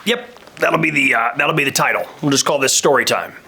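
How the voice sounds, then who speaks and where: A man's voice: mid-range voice, brisk, sharp tone. A man in his thirties, a pastor, preaching a sermon in a casual, storytelling way and acting out the people he quotes. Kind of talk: conversational sermon.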